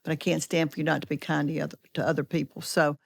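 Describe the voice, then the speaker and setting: A woman's voice: deep voice, flat delivery, fast talker, vocal fry, no room sound. An older woman from Georgia and Alabama with a Southern accent, a guest telling folksy stories and repeating words as she thinks. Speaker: guest, edtech leader. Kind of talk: casual interview chat.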